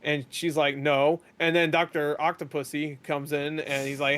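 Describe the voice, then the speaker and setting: Young man, podcast host, fairly high voice, rambling, profane, casual movie recap. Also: level tone, a bit bright. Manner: rambling, profane, acts out characters in quick paraphrase.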